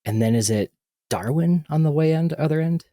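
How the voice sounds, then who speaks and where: A man's voice: fairly high pitch, expressive, moderate pace, warm tone, dry recording. A man hosting a podcast, chatting casually and rambling with lots of fillers and restarts. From United States. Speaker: podcast host. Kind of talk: casual chat.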